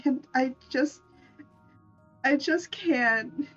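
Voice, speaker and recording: A woman artist chatting on a live stream, giggly and halting, with many restarts. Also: sits high, a bit bright, dull audio, soft background music. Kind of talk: live-stream chat while making art.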